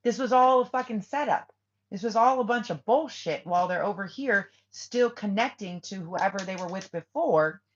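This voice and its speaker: A woman's voice: mid-range voice, animated, moderate pace. A woman giving a casual spiritual reading to her viewers, blunt and swearing freely as she acts out what people say. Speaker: tarot reader. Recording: lo-fi muffled audio.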